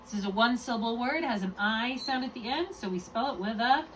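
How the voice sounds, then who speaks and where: A woman tutoring one-on-one in a phonics lesson, patient and encouraging, slowly spelling out letters and sounds. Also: fairly high pitch. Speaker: reading tutor. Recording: distant mic with clear background hum.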